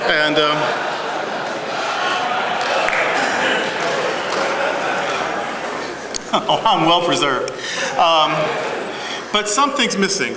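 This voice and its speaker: A man's voice: a little high, pushed and bright, a little hiss or hum. A man in his forties preaching a sermon as pastor, with humorous, self-deprecating asides. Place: large church sanctuary. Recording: echoey church hall with congregation.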